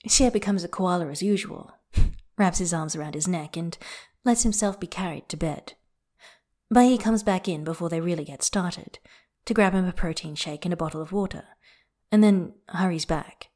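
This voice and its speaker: A woman narrating fiction aloud in a soft, unhurried, intimate way. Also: on the low side. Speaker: audiobook narrator.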